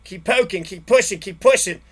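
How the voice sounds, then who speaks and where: A man's voice: high-pitched, normal speed. A man angrily telling his own story in a long, profane, repetitive monologue. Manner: angry, profane, repetitive ranting. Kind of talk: angry personal monologue.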